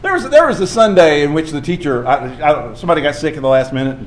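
Animated man preaching a sermon. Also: a little high, fast, reverberant. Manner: storytelling, animated, acts out quoted voices.

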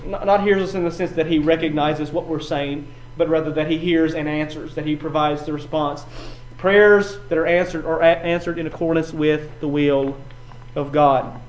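A man preaching a sermon, building from quiet passages to loud, emphatic runs and often repeating his words. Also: a little high, steady tone, normal speed, hardly any pauses, poor audio. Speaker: pastor.

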